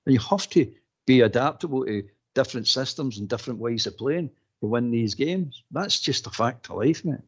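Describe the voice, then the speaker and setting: A man talking football in casual chat, animated, repeating himself and laughing mid-sentence. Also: mid-range voice, moderate pace, breathy edge. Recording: dull lo-fi stream audio.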